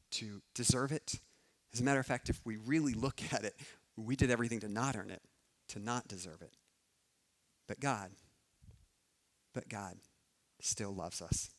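A man preaching a sermon as pastor. He repeats key phrases and swings between loud emphatic peaks and soft, quiet endings. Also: medium pitch.

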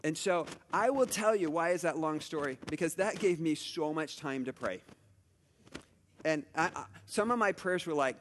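Middle-aged male pastor, slightly high voice, chatty and story-driven. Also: normal speed, a bit bright, long reverb tail, slight background noise. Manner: chatty storytelling, many asides and restarts. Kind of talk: conversational sermon.

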